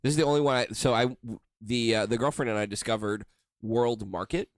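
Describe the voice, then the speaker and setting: A man's voice: medium pitch, brisk. A man co-hosting a casual podcast, chatting loosely while sipping beer. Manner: relaxed, chatty, drinking beer. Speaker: podcast co-host. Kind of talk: casual chat.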